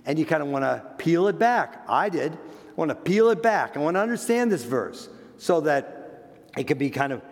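An older man, a grandparent, giving an earnest sermon on parenting, repeating words and slowing down for emphasis. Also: medium pitch. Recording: long echoey hall reverb.

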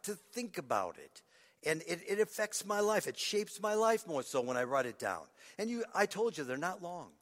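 A male pastor preaching a sermon, earnest, repeating his phrases and swinging from loud to hushed. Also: mid-range voice. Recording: long reverb of a large hall.

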